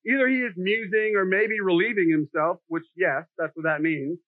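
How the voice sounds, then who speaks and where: A middle-aged pastor with a high voice preaches a sermon at a normal pace, keeping it jokey, self-deprecating and conversational. The sound is dry, with no echo, and tinny like a phone.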